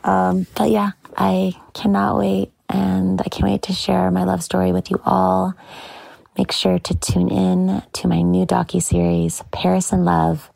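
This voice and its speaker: A woman hosts a podcast with a low, gravelly voice full of vocal fry. She gushes as she talks about her own life, and her phrases often trail off into breathy whispers. The sound is dry and close, with no room echo. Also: completely flat delivery, measured pace, dark tone. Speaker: podcast host. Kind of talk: personal monologue.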